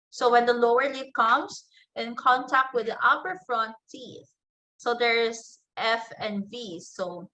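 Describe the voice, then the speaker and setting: A woman teacher giving an online class lecture, slowly explaining and spelling out example words one at a time, with frequent fillers and restarts. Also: a little high, bright, forceful tone, poor audio. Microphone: computer microphone in an online class.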